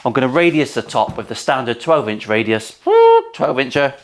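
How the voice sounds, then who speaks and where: A man's voice: mid-range voice, moderate pace. A man hosting a casual workshop vlog as a luthier, talking to viewers in cheeky, sweary banter. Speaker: luthier and channel host. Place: guitar-making workshop.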